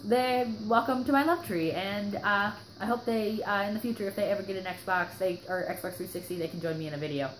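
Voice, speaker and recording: A young woman hosts a gaming channel, giving chatty, rambling gameplay commentary full of fillers in a medium-pitched voice that sounds a little sore. She talks a little fast with few pauses, and the recording has a slight hiss or hum, a roomy echo, and background music.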